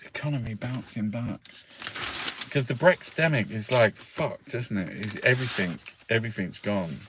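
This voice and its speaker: A political commentator with a fairly low voice reviews the newspapers at normal speed against a noisy background. His take is a casual, sarcastic rant, peppered with swearing and frequent laughter.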